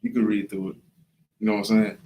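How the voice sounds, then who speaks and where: A man's voice: fairly low pitch, fairly even intonation, quick pace, warm tone, a little hiss or hum. Conversational man in an echoey room. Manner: conversational, often asks "right?" and "you know what I'm saying?". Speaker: class leader. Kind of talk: casual bible class.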